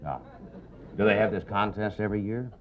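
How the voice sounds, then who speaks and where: A man hosting a TV talk show, asking quick, friendly questions with frequent restarts. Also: fairly low pitch. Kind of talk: casual TV interview. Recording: dull lo-fi TV recording with audience.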